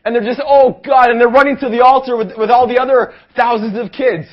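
High-voiced young preacher, dull recording. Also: male voice, brisk. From Canada. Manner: energetic preaching, asks the crowd for amens, rises to shouts. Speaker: pastor. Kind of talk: sermon. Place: youth rally hall.

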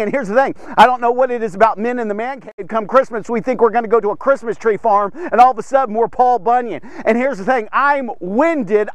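A man with a very high voice teaches a Bible passage in a chatty, animated way. He keeps checking in with his listeners and acts out the people in the story. The recording is dry and close. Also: no room sound. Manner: keeps checking in with "okay?" and "here's the thing". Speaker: devotional podcast teacher.

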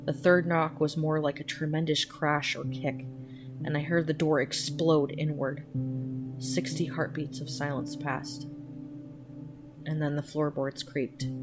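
A woman reading a scary story aloud in a slow, hushed, measured way. Her voice sits deep and low. Quiet guitar music runs beneath the narration. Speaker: podcast storyteller. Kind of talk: scripted horror narration. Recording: music playing under the voice.

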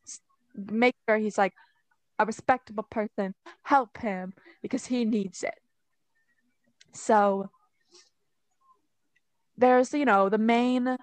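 A woman's voice: mid-range voice, no echo. A young woman casually retelling a story on a podcast, chatty and full of "like" and "you know.". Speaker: podcast co-host.

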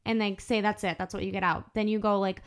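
A woman's voice: medium pitch, quick pace, smooth. Candid woman hosting a podcast. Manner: animated, candid, swears freely; acts out her own inner voice. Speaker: podcast host. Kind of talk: casual podcast conversation.

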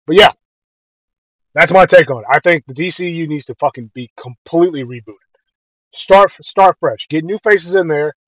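A man's voice: fairly high pitch, moderate pace, a bit bright, no room sound, highs cut off. A man ranting bluntly and profanely to his viewers in a casual video, airing heated opinions. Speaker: video creator. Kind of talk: casual rant to camera.

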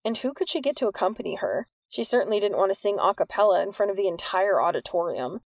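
Gravelly woman narrating a novel. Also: medium pitch, lively intonation, quick pace, dry recording. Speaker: audiobook narrator. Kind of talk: scripted narration.

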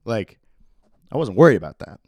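Young male solo podcast host, low-pitched, dry close sound, laid-back rambling chatter. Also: very animated, moderate pace, slightly rough, no room sound, muffled recording. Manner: rambling, laid-back, laughs often, says "like" constantly. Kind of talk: solo casual podcast chat.

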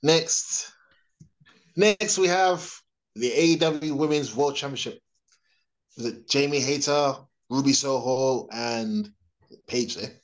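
A man chatting casually about wrestling as a podcast co-host, relaxed and hesitant, often repeating himself. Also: mid-range voice, slow, pauses often, rough recording.

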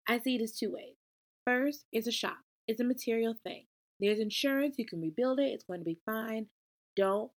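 A young woman talks casually through a book review. She is expressive and animated, and her pitch sits in a middle range for a woman. She jumps in to talk back to the story as if arguing with it.

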